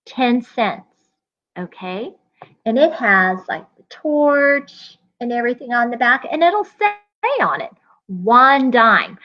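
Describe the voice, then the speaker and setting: Slow sing-song woman teacher. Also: fairly high pitch, highs cut off. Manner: slow, sing-song coin rhymes with call-and-response. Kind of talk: children's math lesson.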